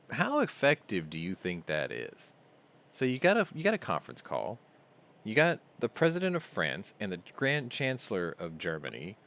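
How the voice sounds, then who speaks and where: A man with a deep, low-pitched voice hosts a casual news stream from home. He reads out headlines, then breaks off into sardonic, offhand commentary. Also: fairly bright tone.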